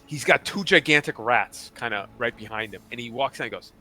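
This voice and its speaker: Bright-toned male game master. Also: mid-range voice, fairly quick, few pauses, slight background noise. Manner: loose, casual narration with restarts. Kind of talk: narrating a tabletop game.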